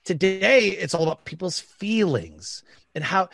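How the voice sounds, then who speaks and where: A man's voice: high voice, lively intonation, measured pace, gravelly, fairly bright tone, no room sound. Middle-aged guy from detroit, blunt and emphatic, voice jumps all over, dry close sound. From Detroit, Michigan. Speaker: podcast guest. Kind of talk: casual conversation.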